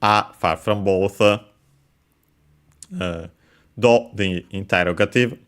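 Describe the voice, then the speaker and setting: A man teaching Japanese vocabulary while playing a game, explaining carefully in halting phrases full of pauses and fillers. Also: on the low side, steady tone, fairly bright tone. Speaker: language teacher.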